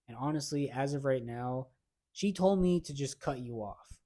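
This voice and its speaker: A man's voice: medium pitch, normal speed, warm tone. A young man co-hosting a podcast, telling a personal story in slangy casual chat with acted-out quotes. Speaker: podcast co-host.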